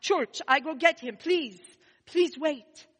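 A woman voicing a flustered, stammering immigrant father who speaks in halting broken phrases. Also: sits high, in a large hall, voice pushed up. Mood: astonished.

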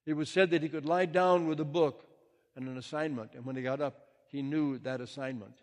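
A man giving a gentle, reflective sermon as a minister, reading poems and quotations aloud. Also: on the high side, fairly quick. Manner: gentle, reflective, reads quotes and poems with rising intensity. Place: church sanctuary. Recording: long reverb of a large hall.

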